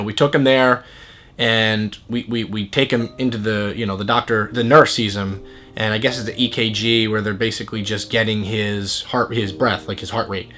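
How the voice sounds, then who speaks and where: A man's voice: on the low side, a bit bright. A man earnestly telling a personal story in a casual, conversational way, acting out what people said. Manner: earnest, conversational, acts out quoted dialogue.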